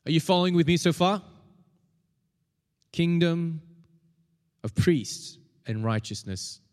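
Emphatic preacher in a reverberant hall. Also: male voice, on the high side. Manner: emphatic, repeats key phrases, leads congregation responses. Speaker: pastor. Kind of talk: sermon.

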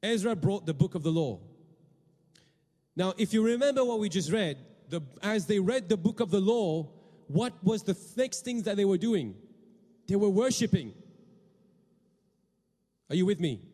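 Animated and mellow, this pastor's fairly high voice moves at a moderate pace with long pauses as he preaches. He frequently poses questions to the congregation and tends to repeat words and restart phrases, all echoing with long reverb in a hall.

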